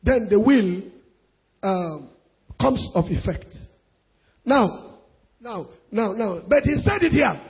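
A male preacher with a Nigerian accent delivering a sermon emphatically, repeating phrases and breaking into shouts. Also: high voice, expressive, takes it slowly, long pauses, husky. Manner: emphatic, repetitive, bursts of shouting. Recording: dull lo-fi sound.

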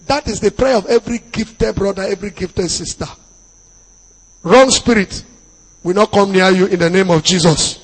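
A man with a Nigerian accent preaching as a pastor, dropping into Pidgin asides and bursting into loud emphasis. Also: high-pitched, moderate pace, breathy edge. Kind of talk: sermon. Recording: long hall reverb.

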